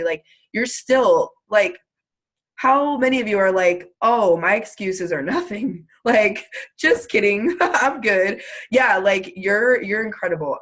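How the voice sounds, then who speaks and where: A woman's voice: lowish voice, fairly bright tone. Gushing woman host on a video call. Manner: effusive, gushing, lots of "like" and laughter. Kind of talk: casual chat on a video call.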